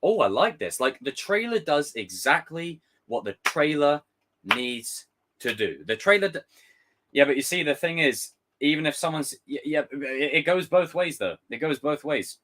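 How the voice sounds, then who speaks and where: Animated ranting man. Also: a little high, moderate pace, a little hiss or hum. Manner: animated, ranting, swears freely, mocks with exaggerated voices. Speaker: YouTube host reacting to a trailer. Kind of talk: casual livestream chat.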